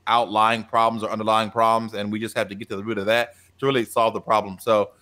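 In a relaxed podcast conversation, a teacher and co-host speaks quickly in a lowish voice about something that happened in class. He gets animated, raising his voice to perform the quotes.

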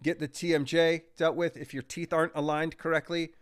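A man's voice: on the high side, flat delivery, brisk, smooth. A man, a breathwork coach, talking energetically and impulsively as a podcast guest, acting out his examples. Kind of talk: casual podcast conversation.

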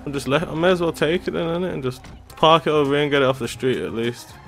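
A man, loudly commentating on a game with bursts of shouting and swearing. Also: fairly high pitch, fast. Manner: slangy, loud outbursts and swearing. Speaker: gaming video host. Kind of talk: excited gameplay commentary. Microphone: desktop USB microphone. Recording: game music playing under voice. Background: game music and sounds.

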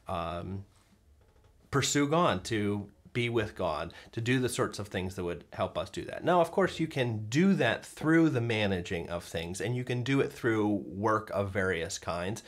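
A man hosting a talk on everyday spirituality, speaking thoughtfully with frequent fillers and restarts. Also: lowish voice. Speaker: host. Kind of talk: casual talk to camera on faith.

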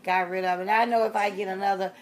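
A woman's voice: medium pitch, fairly even intonation, quick pace. A woman in her sixties talking casually to her viewers, chatty and rambling, often repeating herself and trailing off with fillers. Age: 60s. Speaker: reborn doll collector vlogger. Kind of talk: casual rambling vlog talk.

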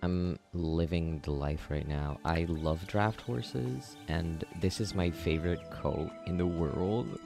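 A man giving casual gameplay commentary, gushing and excitable with frequent gasps. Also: deep voice, slow pace, creaky, few pauses, over music. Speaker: gaming video creator.

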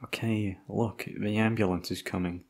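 A male voice actor playing a tough, tender bodyguard in whispered role-play, talking in a hushed, husky, soothing way. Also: lowish voice, steady tone, normal speed.

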